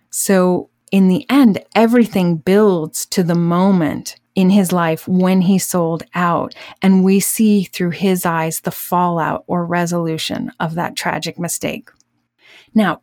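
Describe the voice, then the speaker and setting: A measured, earnest woman reads out her analysis on a podcast. Her voice sits on the low side, recorded close and dry. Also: darkish tone, no room sound. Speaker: podcast co-host.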